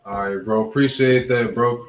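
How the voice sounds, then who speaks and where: A man's voice: medium pitch, steady tone, normal speed, soft background music. Chill guy cohost saying bro a lot, roomy echo. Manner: laid-back, says bro a lot. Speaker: co-host. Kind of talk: casual interview talk.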